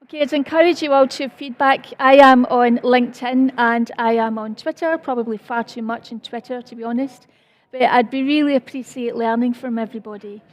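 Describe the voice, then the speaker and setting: A woman's voice: fairly high pitch, steady tone, fairly quick. A woman with a Scottish accent giving a conference presentation, earnest and apologetic, with self-deprecating asides. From Scotland. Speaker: conference speaker.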